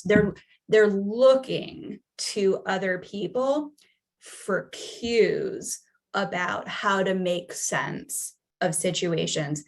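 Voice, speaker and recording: A woman psychologist giving a conversational webinar presentation over a video call, often checking in with her listeners. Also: mid-range voice. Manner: conversational, keeps checking in with "right?".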